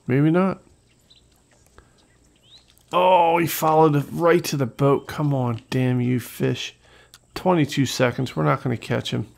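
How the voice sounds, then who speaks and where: Poor audio captures a gaming channel host's creaky, mid-range voice. He offers excitable, casual commentary to his viewers while playing, and swears when the game turns against him.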